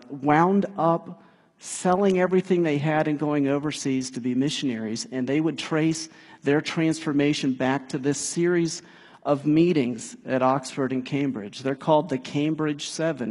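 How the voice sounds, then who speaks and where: A man preaching a sermon in a casual, animated way, building to emphatic peaks. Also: on the high side. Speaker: pastor. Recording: long hall reverb.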